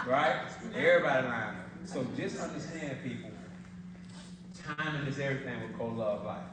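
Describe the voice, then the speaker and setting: A man giving a motivational sales presentation, telling stories in colloquial talk and laughing often. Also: mid-range voice. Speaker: business opportunity presenter. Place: event hall. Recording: echoey hall, distant mic, noise.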